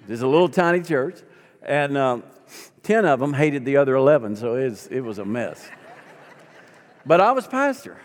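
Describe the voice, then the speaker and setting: A man's voice: mid-range voice, big pitch swings, moderate pace, long pauses, in a large hall. A man in his sixties, a pastor telling stories in a conversational, folksy sermon style. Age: 60s. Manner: folksy, conversational, acts out quoted dialogue. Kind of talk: storytelling sermon.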